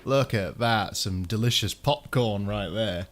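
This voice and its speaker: A man's voice: lowish voice, unhurried, hardly any pauses, fairly bright tone, soft background music. A man with a regional British accent chatting casually on a live stream, talking himself through fiddly work as he goes. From United Kingdom. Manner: chatty, mutters coaxingly to himself while working. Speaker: streamer doing console repairs.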